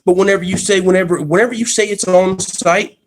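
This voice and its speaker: Excitable slangy man hosting an MMA stream. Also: high-pitched, fairly quick. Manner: profane slangy storytelling; excitable, restarts sentences. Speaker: MMA channel host. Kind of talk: casual live-stream reaction. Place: at his workplace.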